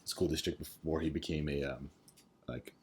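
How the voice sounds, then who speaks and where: A man's voice: a bass voice, steady tone, moderate pace, a little mellow, husky. A young man co-hosting a podcast in casual chat, blunt and opinionated, swearing casually. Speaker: podcast co-host.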